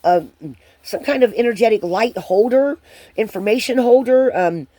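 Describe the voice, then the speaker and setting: A woman giving a channeled spiritual card reading to viewers, hesitant and rambling with many pauses and restarts. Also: fairly high pitch, dark tone, no echo.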